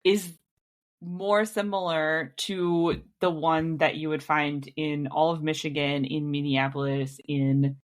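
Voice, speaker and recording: A woman's voice: low voice, steady tone, slow pace. A young woman from Rochester, New York with an Inland North accent, co-hosting a podcast and explaining things steadily in casual chat. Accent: Inland North American. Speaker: podcast co-host.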